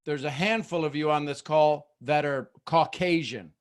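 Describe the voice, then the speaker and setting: A man hosting a leadership video call, joking, animated and preacher-like. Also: on the high side, moderate pace, clear, resonant tone. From Texas, USA. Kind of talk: motivational talk on a group call.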